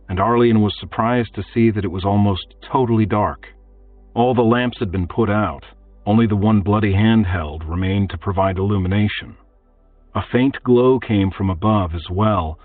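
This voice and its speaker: A man narrating a fantasy audiobook in a steady, measured storytelling manner. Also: fairly low pitch, no echo. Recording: tinny phone-like, distant, faint music.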